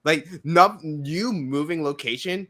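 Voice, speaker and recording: A man's voice: a little high, slow, pushed and bright. A man co-hosting a casual recap podcast, talking loosely and trailing off mid-thought. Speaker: podcast co-host.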